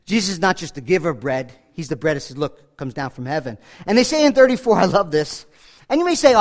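A male pastor preaching a sermon, swinging from emphatic loud declarations to quiet, low asides.

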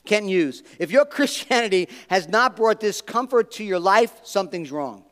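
A man's voice: sits high, animated, moderate pace, fairly bright tone, long reverb tail. A man preaching a sermon as pastor, emphatic, asking the congregation questions and repeating words for weight.

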